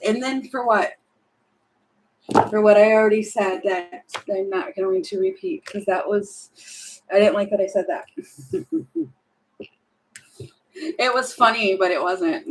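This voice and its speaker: A woman's voice: medium pitch, unhurried, pauses often, a little hiss or hum, rough recording. A woman doing a casual tarot reading to camera at home, chatty and laughing, talking to herself between cards. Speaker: tarot reader.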